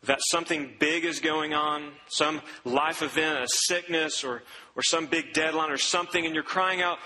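A man's voice: on the high side, fairly even intonation, moderate pace, pushed and bright, big-room sound, slight background noise, low-quality recording. A man preaching a sermon in a conversational way, quoting scripture and acting out what people said. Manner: conversational preaching, quotes scripture and acts out voices. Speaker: pastor.

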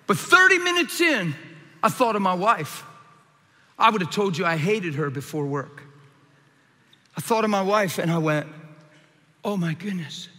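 A man preaching his testimony, moving between hushed and shouted lines with dramatic energy. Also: sits high, sing-song, normal speed, pauses often, big-room sound. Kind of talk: testimony sermon.

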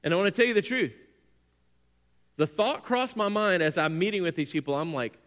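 A male pastor preaching a sermon in an animated, self-deprecating way, often acting out stories. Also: sits high, fairly quick, long pauses, long reverb tail.

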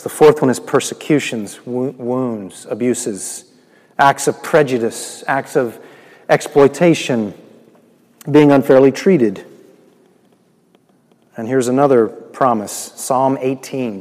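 Preaching man in a reverberant hall. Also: mid-range voice. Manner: swings between loud proclamation and soft, hushed asides. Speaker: pastor. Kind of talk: sermon.

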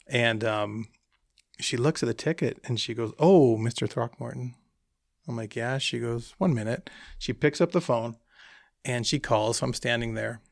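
Guy with a gravelly voice spinning a hunting trip story, dry close sound. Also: medium pitch, dry recording. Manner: animated anecdote with quoted dialogue. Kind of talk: casual storytelling.

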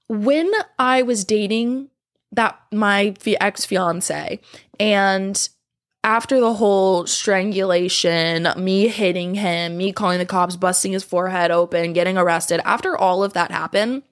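At a measured pace and in a steady tone of medium pitch, a woman in her twenties reacts to comments in a casual vlog, talking right to the camera. She starts out hesitant and grows heated, speaking bluntly and with profanity.

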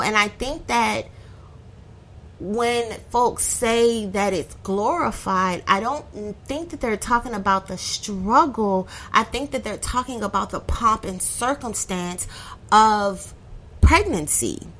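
Bright-voiced woman telling a story. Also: a little high, takes it slowly. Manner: animated, acts out friends' voices in quotes, swears freely. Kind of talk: casual storytelling monologue.

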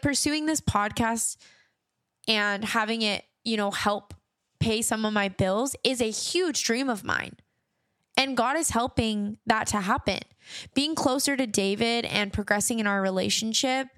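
A woman's voice: a little high, measured pace, a bit bright, dry recording, studio quality. A young adult woman hosting her podcast, speaking earnestly and reassuringly about faith, often repeating phrases. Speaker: podcast host. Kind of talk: personal faith talk to listeners.

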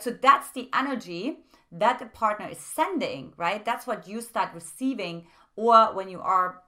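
A woman giving relationship advice straight to her viewers, animated and peppering her talk with "right?" and "like". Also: mid-range voice. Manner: animated, leans on filler "right?" and "like". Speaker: relationship coach. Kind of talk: direct-to-camera advice video.

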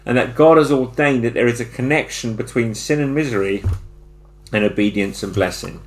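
A man's voice: medium pitch, moderate pace, soft background music. Middle-aged guy preaching, mid voice, gets emphatic, repeats lines for punch. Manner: builds to emphatic repeated phrases. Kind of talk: sermon.

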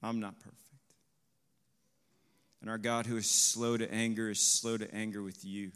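A man preaching a sermon to a congregation. He asks the listeners questions, tags on "right?", and swells to loud, emphatic peaks. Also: on the low side, level tone, moderate pace, smooth, in a large hall. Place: congregation hall.

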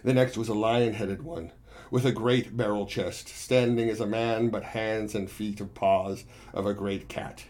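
A man's voice: lowish voice, fairly even intonation, measured pace, a little mellow. Man telling a fable. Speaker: storyteller. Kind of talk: storytelling narration.

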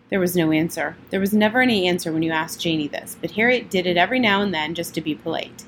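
A woman reading a children's novel aloud in a plain, steady way, with the odd slip and restart. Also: fairly low pitch, quick pace, hardly any pauses, a little hiss or hum. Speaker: audiobook reader.

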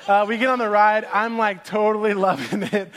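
A man with a bright, high voice preaches to a congregation in a church hall. He tells stories with animation and puts on other people's voices. He often laughs as he speaks. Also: normal speed. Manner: animated storyteller, acts out voices, laughs through anecdotes. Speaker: pastor. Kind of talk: sermon.

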